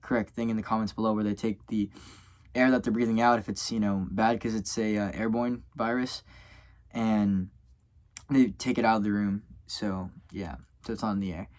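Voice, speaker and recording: A man's voice: fairly low pitch, flat delivery, moderate pace. A young man from Louisiana, a college student vlogging to camera in a rambling, tired way, full of fillers and self-corrections. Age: young adult. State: tired and yawning. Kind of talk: casual vlog talk to camera.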